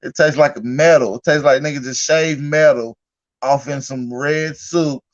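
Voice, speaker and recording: A man's voice: a little high, fairly even intonation, moderate pace, lo-fi sound. A man hosting a casual livestream, telling stories in a loose, profane, laughing way. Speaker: livestream host.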